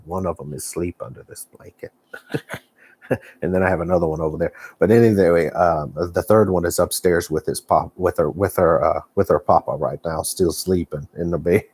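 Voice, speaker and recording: Texan man, folksy rambling live-stream host, lowish pitch, dry close sound. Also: darkish tone, breathy edge, dry recording. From Texas. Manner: rambling, folksy, many fillers and restarts. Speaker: knitting vlogger. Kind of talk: casual live-stream chat. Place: home living room.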